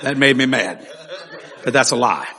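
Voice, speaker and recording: A man preaching a sermon, telling stories animatedly with laughs and sudden shouts. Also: mid-range voice, normal speed. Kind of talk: sermon storytelling. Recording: long hall reverb.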